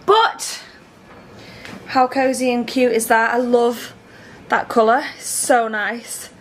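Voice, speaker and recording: In her home bedroom, a woman in her thirties talks slowly in a level tone, with a faint hiss or hum behind her. As a family vlogger she's chatty and gushing in this casual chat, using a high voice with her toddler.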